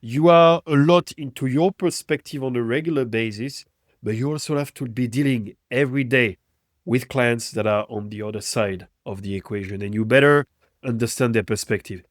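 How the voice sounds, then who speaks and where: A man's voice: medium pitch, normal speed, no echo, clean studio sound. Reflective male podcast host. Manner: reflective, asks thoughtful questions. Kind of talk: interview podcast.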